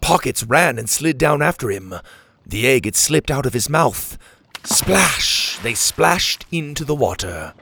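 A man narrating a children's adventure story in an animated way, voicing each character. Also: mid-range voice, measured pace, creaky, slight background noise.

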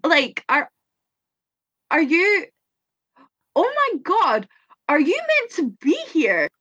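A woman's voice: sits high, huge pitch swings, slow, a bit bright, no echo, lo-fi sound, exaggerated voice. A woman improvising an overconfident actress who rambles in stammering questions. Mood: flustered. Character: overconfident dramatic female actress, nervous questioning. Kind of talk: improv comedy scene.

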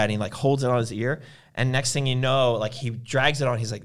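A man's voice: mid-range voice, steady tone, brisk. A man in casual conversation, telling long, rambling anecdotes and acting out the people in them. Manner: rambling storyteller, acts out quoted voices. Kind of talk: casual chat.

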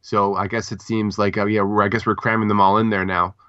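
A man co-hosting a casual literary podcast, talking with a dry, deadpan humor. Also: lowish voice, brisk, clean tone, no room sound. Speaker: podcast co-host. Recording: dull, dry lo-fi mic.

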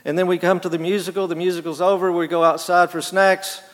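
A man preaching a sermon, halting and repeating words, moving between quiet and emphatic phrases. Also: high-pitched, level tone. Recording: long hall reverb.

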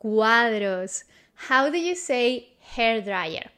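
Slow, patient woman teaching vocabulary. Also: a little high, lively intonation, sharp tone, clean tone. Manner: repeats each word, quizzes the listener, patient and encouraging. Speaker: Spanish teacher. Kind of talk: slow, clear vocabulary lesson.

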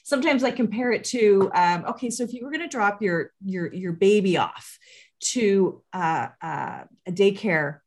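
A woman's voice: mid-range voice, moderate pace. A woman parenting coach talking in a casual conversation, earnest and often checking in with "right?". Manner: earnest, keeps asking "right?".

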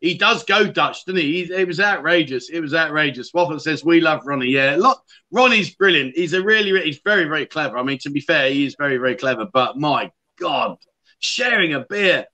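Man, chatty livestream host, bright forceful voice, slightly high pitch. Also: lively intonation, brisk, muffled recording. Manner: chatty storyteller, reads out viewer comments. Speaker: livestream chat show host. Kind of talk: casual chat.

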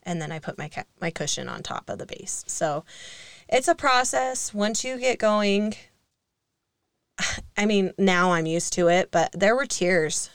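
A woman's voice: medium pitch, expressive, a little slow, clear, resonant tone, dry recording. A young woman co-hosting a casual podcast, telling stories in a chatty way with fillers and laughs. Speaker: co-host.

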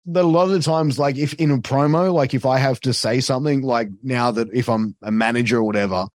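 A podcast guest from Australia who works as a wrestling commentator tells rapid stories in relaxed conversation, swearing freely and stuffing his speech with fillers. His voice is mid-range with a steady tone. The recording is dry and clean, with studio sound.

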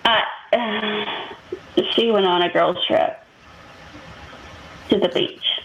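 A woman's voice: medium pitch, slow pace, highs cut off, slight background noise. A woman, telling a long personal story as a podcast co-host and acting out what others said. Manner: animated storytelling, acts out quotes. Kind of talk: casual chat.

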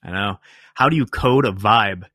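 A man's voice: on the low side, moderate pace, sharp tone, no echo, clean studio sound. A man hosting a podcast in casual chat, joking and laughing at his own slips. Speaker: podcast host.

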